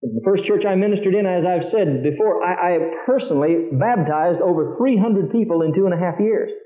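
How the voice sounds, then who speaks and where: A man preaching a sermon in an animated way, acting out the voices he quotes and dropping low for scripture. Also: fairly quick, reverberant, narrow, tinny audio.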